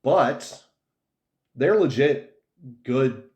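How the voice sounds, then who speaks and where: A man's voice: mid-range voice, animated, drawn-out words, darkish tone, lo-fi sound. Rambling man hosting a podcast, roomy sound. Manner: rambling, many fillers. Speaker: podcast host. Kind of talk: casual chat. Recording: roomy echo.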